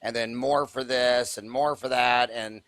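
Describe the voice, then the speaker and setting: A man hosting an interview podcast, asking animated questions and repeating words as he gets started. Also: mid-range voice, a little slow, no room sound. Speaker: podcast host. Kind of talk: conversational interview.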